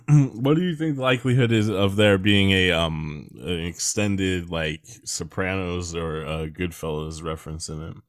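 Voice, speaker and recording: A young man with a very low voice chatting loosely as a podcast co-host. His humor is dry and sarcastic, and the sound is close and dry with no room echo. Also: steady tone, measured pace, hardly any pauses. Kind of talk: casual chat.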